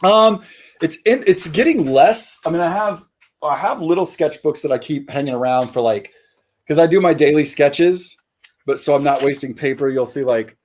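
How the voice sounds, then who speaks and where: A man's voice: on the high side, moderate pace, a little mellow. A man, a comic artist guest, chatting casually in an interview and rambling with many fillers and restarts.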